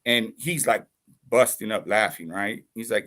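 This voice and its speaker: A man's voice: on the low side, lively intonation, moderate pace, fairly bright tone. A man casually telling a long personal story, swearing freely, rambling, and checking in with "you know what I mean?". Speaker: YouTube channel host.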